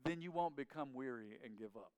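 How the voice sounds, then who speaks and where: A man's voice: medium pitch, expressive, brisk, darkish tone, clean tone, dry recording. A male pastor preaching a sermon, leading the congregation in call-and-response with emphatic, rising appeals. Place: church sanctuary.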